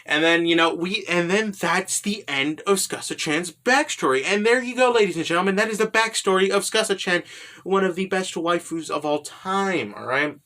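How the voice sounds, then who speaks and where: A man's voice: sits high, normal speed, sharp tone. A man giving a rambling, profane, casual recap of an anime, filled with "you know" and "right?".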